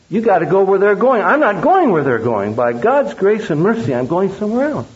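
A man preaching a sermon, emphatic and full of rhetorical questions to the audience. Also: high voice. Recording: dull lo-fi recording.

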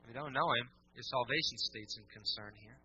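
A man preaching a sermon to his church in a casual, animated way, slipping into mock voices to make his points. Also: medium pitch, quick pace, husky. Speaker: pastor. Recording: dull lo-fi church recording.

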